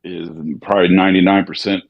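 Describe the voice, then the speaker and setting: A man from Missouri with a slightly Southern accent, an actor and voiceover artist chatting casually, relaxed and musing with lots of fillers. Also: deep voice, fast talker, dull audio, a little hiss or hum. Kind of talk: casual chat during a gaming stream.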